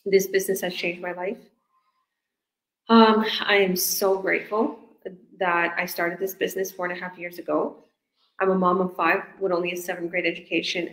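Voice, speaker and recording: A woman's voice: fairly low pitch, a bit bright. A woman business coach giving an effusive, repetitive testimonial, with religious exclamations and frequent laughter, on an online business chat. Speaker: business coach and company head. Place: room in Barcelona. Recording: echoey room.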